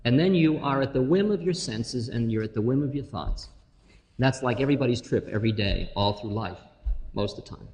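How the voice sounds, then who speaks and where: A man giving an informal spiritual talk to an audience, telling stories with humor and slow, drawn-out phrases. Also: medium pitch, animated, darkish tone. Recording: reverberant hall, faint noise.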